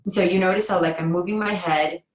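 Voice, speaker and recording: A woman parenting coach on a call, explaining tasks step by step in a calm, encouraging way. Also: on the low side, fairly quick, echoey room, rough recording. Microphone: video or phone call.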